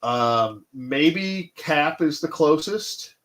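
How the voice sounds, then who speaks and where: This toy collecting livestream host, a man in his 30s, speaks very slowly in a slightly high, expressive, fairly bright voice. He rambles casually, thinking aloud as he responds to his chat.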